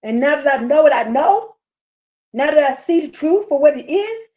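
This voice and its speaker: A woman's voice: sits high, lively intonation, normal speed, warm tone. A woman hosting a religious commentary livestream, speaking in a heated, indignant preaching manner and repeating her rhetorical questions for emphasis. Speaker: livestream host.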